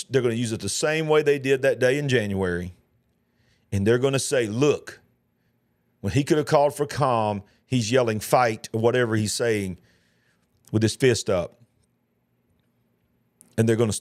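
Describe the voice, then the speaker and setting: A man's voice: on the high side, no room sound, clean studio sound. Emphatic man reacting to news. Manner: emphatic, emotional, repeats himself. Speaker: host. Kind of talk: live news reaction commentary.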